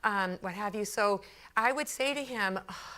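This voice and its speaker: A woman speaks to a business crowd with a bright, sharp voice. She tells her workplace story in a lively, chatty way and acts out the people in it. Her talk is loose and full of fillers. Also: mid-range voice, normal speed. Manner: frequent fillers and repeated phrases. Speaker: consultant giving a talk. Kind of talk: storytelling speech to a business audience.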